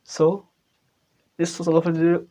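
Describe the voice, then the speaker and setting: A man's voice: fairly high pitch, completely flat delivery, normal speed, dark tone. A man giving a casual spoken-English lesson in an informal, hesitant way, spelling out words letter by letter. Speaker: English tutor.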